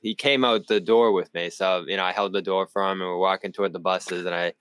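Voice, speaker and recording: A man's voice: low voice, steady tone, fast talker, a bit bright, clean tone, no room sound. A man with a Boston accent, a sports reporter telling stories and laughing often in a podcast panel chat.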